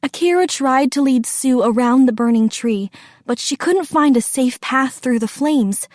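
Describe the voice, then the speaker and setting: A woman narrating a children's storybook with a steady, deliberate reading. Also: sits high, dry recording, clean studio sound.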